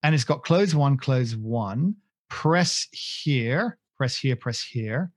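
A man's voice: medium pitch, expressive, takes it slowly, no echo, studio quality. A man co-hosting a podcast in casual chat, rambling and joking at his own expense with many restarts. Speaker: podcast co-host.

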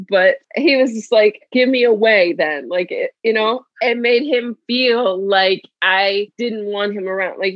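A woman's voice: medium pitch, no echo, lo-fi sound. A woman in her forties chatting casually about parenting, laughing often and restarting her sentences. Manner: warm, rambling, laughs often, many restarts. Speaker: parent sharing advice. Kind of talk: casual conversation.

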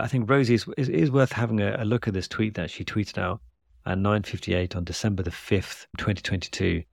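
A man's voice: low-pitched, gravelly, no echo, studio quality. A man, hosting a podcast and chatting casually about tweets, rambling and self-deprecating. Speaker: podcast host.

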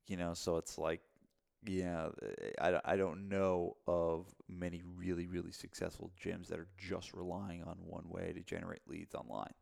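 Low gravelly man talking shop. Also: flat delivery, moderate pace, darkish tone. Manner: rambling, many fillers and restarts. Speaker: podcast co-host, gym owner and mentor. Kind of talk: casual podcast chat.

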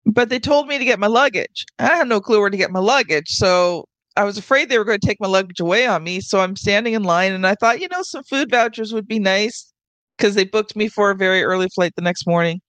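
Woman, podcast host, casual chat, dry close sound, mid pitch. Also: fairly quick, no echo. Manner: chatty, relaxed anecdotes.

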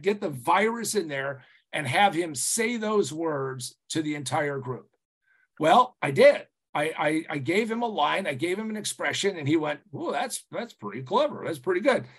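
A male consultant guest tells stories on a podcast in a high voice with a breathy edge. His delivery is animated and meandering, with frequent restarts, lots of "you know," and casual cursing.

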